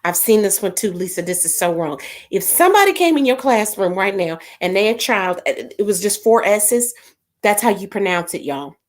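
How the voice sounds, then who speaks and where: Woman livestream host: chatty, amused, reading comments with a lively, bouncing voice. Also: mid-range voice, moderate pace. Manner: animated, laughing, puzzling over names aloud. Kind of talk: casual livestream chat.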